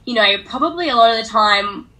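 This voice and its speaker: An earnest woman talks as a podcast guest. Her voice is bright and a bit high, and she speaks with eager enthusiasm, peppering her talk with fillers. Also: lively intonation, fairly quick, low-quality recording. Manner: earnest and enthusiastic, lots of "like" and "you know". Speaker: parenting guest. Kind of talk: casual podcast chat.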